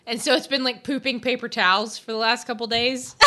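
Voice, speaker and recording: A woman co-hosting a podcast, telling stories and reading odd news items in a giggly, animated way. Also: on the high side. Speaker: podcast co-host.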